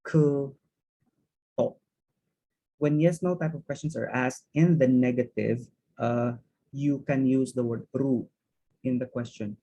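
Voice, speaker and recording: A man's voice: medium pitch, steady tone, slow pace, long pauses, warm tone, low-quality recording. A man teaching a language lesson, explaining grammar step by step in a methodical way and repeating words as he thinks.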